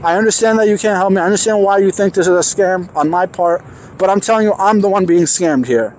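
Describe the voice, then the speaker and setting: A man telling a personal story in an animated, emphatic way, acting out the dialogue. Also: high voice, fast, slight background noise. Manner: excited, emphatic, acts out quoted dialogue.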